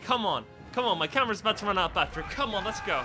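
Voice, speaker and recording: A high-pitched man talks over his gameplay in a loose, excitable way, swearing and shouting at the game. His voice jumps all over the place, and game music plays underneath him. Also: rapid-fire. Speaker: gaming video host. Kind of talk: casual gameplay commentary.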